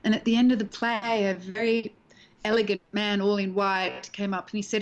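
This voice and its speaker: This middle-aged actress from Australia chats on a video call at a moderate pace, her mid-range voice muffled by the recording. She's a lively storyteller in a casual interview, imitating the voices of anyone she quotes.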